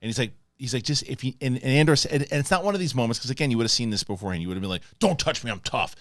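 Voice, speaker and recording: A man's voice: mid-range voice, racing, no echo. A man hosting a casual talk show, acting out scenes with quoted lines as he talks. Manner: animated, acts out scenes in quoted voices. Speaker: podcast host. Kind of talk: casual chat.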